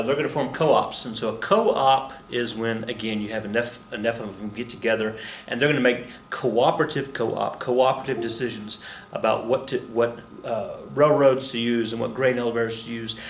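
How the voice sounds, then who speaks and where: A man's voice: medium pitch, fairly bright tone, roomy sound, slight background noise. A man teaching a casual recorded history lesson, rambling and jokey, muttering to himself and acting out the people he quotes.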